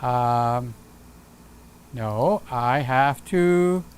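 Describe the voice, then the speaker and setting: A man's voice: medium pitch, extremely slow, a little hiss or hum. A man hosting a casual livestream, chatting upbeat and reading viewer comments aloud with frequent fillers. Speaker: livestream host.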